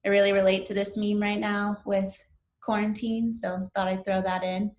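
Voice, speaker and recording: A woman's voice: medium pitch, little pitch movement, normal speed, a little mellow, roomy sound. A young woman instructor giving a casual recorded lecture, filling her talk with um and like. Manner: casual, lots of fillers like um and like.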